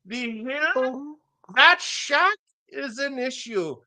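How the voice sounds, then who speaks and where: A woman voicing a self-important male town official in a put-on foreign accent, declaiming grandly in a high voice. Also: animated, drawn-out words, sharp tone, full character voice. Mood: pompous.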